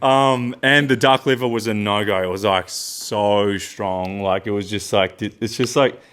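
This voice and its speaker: A man's voice: on the low side, steady tone, measured pace, a bit bright, clean tone. A young man co-hosting a podcast, telling a story in casual chat with lots of fillers. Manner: rambling storyteller, many fillers. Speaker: podcast co-host.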